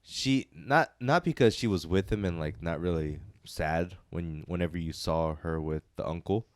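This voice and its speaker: A man's voice: low voice, normal speed, no echo, clean studio sound. A man co-hosting a casual movie review chat, laughing often and restarting his sentences. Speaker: podcast co-host.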